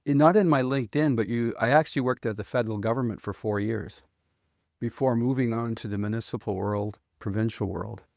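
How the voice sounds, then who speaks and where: A man's voice: mid-range voice, vocal fry, a little mellow, no echo, clean studio sound. Earnest Canadian man, interview guest. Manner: earnest, measured, appreciative. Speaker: guest, economic developer. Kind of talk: conversational interview.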